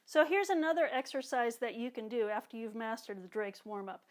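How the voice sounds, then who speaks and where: A woman teaching drum exercises, calmly cueing each one while she plays. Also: fairly high pitch, a little fast. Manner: calm, counts and cues exercises while playing. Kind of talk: instructional demonstration. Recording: talk over loud drumming and metronome.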